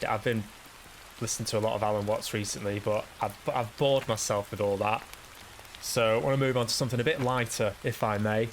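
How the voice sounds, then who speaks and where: Low-voiced, rambling man. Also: steady tone, brisk, slight background noise, poor audio. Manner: rambling, self-deprecating, sweary. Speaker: podcast host. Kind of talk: casual solo monologue.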